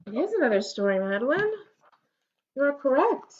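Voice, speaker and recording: A woman reading a picture book aloud to a child at a library story time, gently and encouragingly, with little gasps at the pictures. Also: sits high, very animated, a little fast, breathy edge, dull audio.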